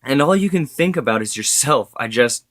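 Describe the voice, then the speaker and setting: A man's voice: fairly low pitch, fairly even intonation, a little slow, a bit bright, smooth, no echo. A man voicing a grown woman relative, worried and then tearfully accusing on the phone. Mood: angry, tearful.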